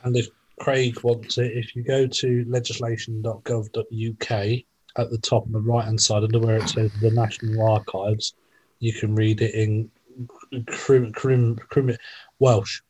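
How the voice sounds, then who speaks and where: Man with wry deliberate asides. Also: on the low side, level tone, darkish tone, a little hiss or hum, poor audio. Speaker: podcast co-host. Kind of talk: casual chat.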